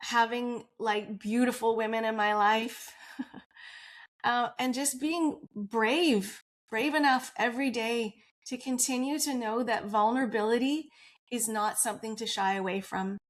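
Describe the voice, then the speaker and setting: Woman on a podcast, kinda high voice, open and earnest, laughs a lot while she talks. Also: steady tone, measured pace. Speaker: podcast guest. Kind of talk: casual interview storytelling.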